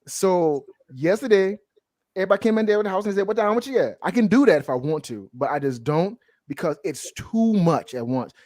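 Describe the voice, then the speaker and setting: A man from the Southern United States hosting a casual comic-review podcast, animated and joking, with frequent laughs and restarts. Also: high voice, fairly quick, dry recording, clean studio sound. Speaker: podcast host. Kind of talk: casual chat.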